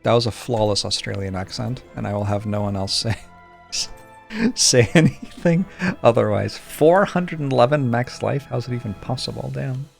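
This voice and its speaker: A streamer giving casual gameplay commentary, with dry, joking asides. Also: male voice, mid-range voice, brisk, creaky, hardly any pauses, faint music behind.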